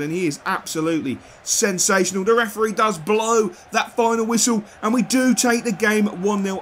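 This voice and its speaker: A man giving football game commentary as a gaming video host, swinging from loud rants to low mutters. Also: slight background noise. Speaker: gaming YouTuber.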